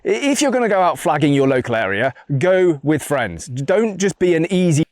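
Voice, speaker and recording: A man's voice: fairly high pitch, big pitch swings, moderate pace, no room sound, studio quality. A man delivering blunt, combative video commentary.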